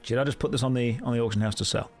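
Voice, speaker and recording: A man's voice: medium pitch, steady tone, rapid-fire, faint music behind. A man streaming from home on a desk microphone, chatting playfully with viewers while he plays. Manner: playful, jokey, chats with viewers. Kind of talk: casual live game stream commentary.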